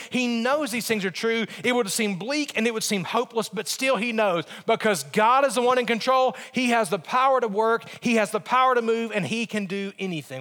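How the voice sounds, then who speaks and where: A man preaching a sermon as pastor, earnest, with quick humorous asides. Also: high-pitched, a bit bright. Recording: echoey church hall.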